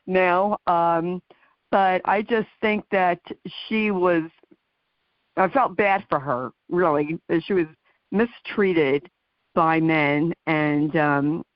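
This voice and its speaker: A woman's voice: on the low side, steady tone, slow pace, no echo. Chatty older woman host, dull lo-fi. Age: 60s. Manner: chatty and warm, with laughs and fillers. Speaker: interview host. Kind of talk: casual interview chat. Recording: dull lo-fi dry sound.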